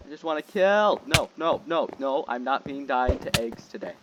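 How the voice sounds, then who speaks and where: A young man giving casual gameplay commentary as a channel host, jokey and excitable, shouting when frustrated. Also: mid-range voice, moderate pace, gravelly, few pauses. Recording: loud background noise.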